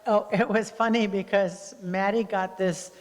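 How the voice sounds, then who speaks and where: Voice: medium pitch, fairly even intonation, a little slow. A member of the congregation chatting about a family story, laughing as she talks. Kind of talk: sharing a story from the audience. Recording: reverberant church hall.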